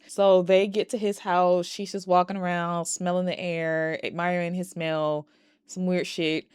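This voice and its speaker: A woman's voice: fairly low pitch, a little mellow, clear, resonant tone, no room sound, clean studio sound. A woman casually recapping and reviewing a movie, blunt and profane, acting out the characters' lines as she goes.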